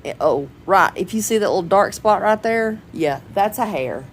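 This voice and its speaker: A woman's voice: mid-range voice, expressive, normal speed, breathy edge, poor audio. A woman, rambling chattily and laughing often in a personal home vlog. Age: 40s. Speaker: vlogger. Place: at home indoors.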